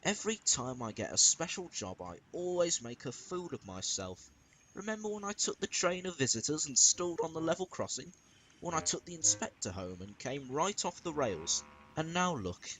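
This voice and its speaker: A man's voice: on the high side, big pitch swings, moderate pace, a bit bright, a little hiss or hum, voice pushed up, low-quality recording. A man voicing a proud, impatient male steam engine in a fan-made storybook, impatient and then earnest.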